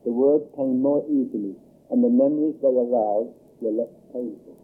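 Husky guy reading a story aloud, calm and measured, sounds like it's over a phone. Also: medium pitch. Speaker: dharma teacher. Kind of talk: reading a novel aloud with brief asides. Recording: tinny phone-like line.

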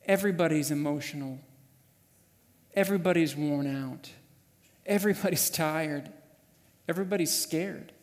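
A man preaching a sermon, telling a story vividly and swinging from hushed passages to loud, urgent ones. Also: fairly high pitch, normal speed, long pauses, in a large hall. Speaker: pastor. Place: church sanctuary.

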